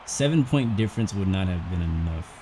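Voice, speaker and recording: A low-voiced man gives casual, rambling commentary over a racing game, thinking out loud as he goes. He sounds out of breath and keeps a chatty, unhurried flow. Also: animated, noisy background. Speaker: gaming channel host.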